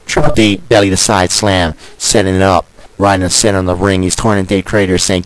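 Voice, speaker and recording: Deep-voiced wrestling commentator. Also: male voice, level tone, brisk, rough recording. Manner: chatty, rambling asides and plugs. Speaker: wrestling commentator and show host. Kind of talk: video game wrestling commentary.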